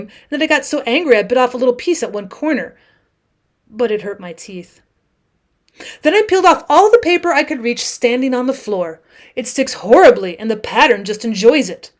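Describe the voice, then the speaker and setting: A woman teacher reading a classic short story aloud as an audiobook. She reads dramatically, moving between hushed and raised passages. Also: a little high.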